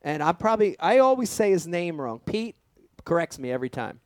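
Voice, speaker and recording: Lively, excitable host, pitch swinging. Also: male voice, a little fast, dry recording. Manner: excitable, lively, swears casually, says dude. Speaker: podcast host. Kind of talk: casual podcast chat.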